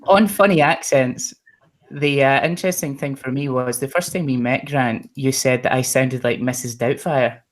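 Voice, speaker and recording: A male webinar host who keeps things light, with a middle-pitched voice and a joking, teasing manner. He moves quickly between introductions and playful jabs at his guests. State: energetic from caffeine. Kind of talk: casual panel introductions.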